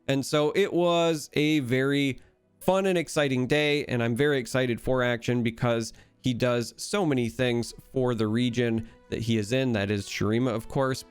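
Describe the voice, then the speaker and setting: A man's voice: mid-range voice, clean tone, no echo. A man with a Midwestern American accent, talking enthusiastically and analytically in casual solo commentary about a card game. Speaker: card game content creator.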